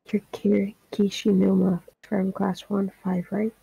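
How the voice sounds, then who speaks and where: A woman with a gravelly voice voicing an earnest teenage schoolgirl in a fan dub of game dialogue, pleading and gentle by turns. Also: medium pitch, level tone, unhurried, highs cut off, exaggerated voice. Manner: dubbing game lines with emotional pleading.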